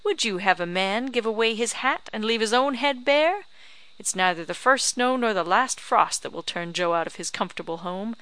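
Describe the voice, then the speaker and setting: Woman reader as a cunning old farm crone, tart, bargaining, bright-edged. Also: mid-range voice, moderate pace, dry recording, voice pushed up, natural voice. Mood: tart haggling. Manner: sharp, bargaining, scornful. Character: shrewd old backwoods woman, tart and haggling. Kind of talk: audiobook character reading.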